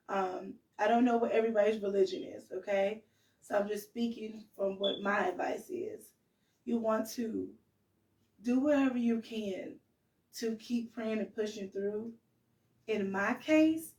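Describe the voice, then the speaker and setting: A woman's voice: mid-range voice, vocal fry, darkish tone, echoey room, far from the mic, rough recording. A woman co-hosting a podcast who gives earnest, pleading advice, emotional and direct. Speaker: podcast co-host.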